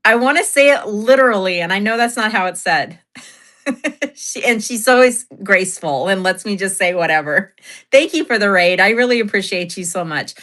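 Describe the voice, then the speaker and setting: Woman streamer just chatting, laughs a lot, tells stories, talks back to chat, medium pitched voice. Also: animated, normal speed, fairly bright tone. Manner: chatty storyteller, laughs often, reads chat aloud. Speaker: livestream host. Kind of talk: casual livestream chat.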